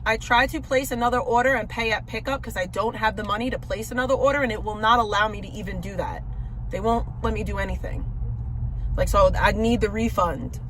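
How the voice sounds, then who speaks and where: A woman's voice: mid-range voice, a little fast, a bit bright, slight background noise. A woman livestreaming, venting in exasperated, profane bursts while arguing on a phone call. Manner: exasperated, profane, repeats herself.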